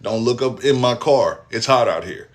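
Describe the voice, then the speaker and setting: A young man, telling a personal story in casual, profane, animated style. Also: medium pitch, moderate pace. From Texas, US. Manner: animated, profane storytelling with acted-out quotes and laughs.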